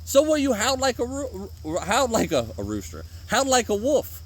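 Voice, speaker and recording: A man's voice: extremely high pitch, wildly swooping pitch, brisk, husky. A man hosting a podcast, giving a rambling, profane motivational monologue outdoors in the woods in the rain. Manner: rambling and profane, swears often, jokes at himself. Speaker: podcast host.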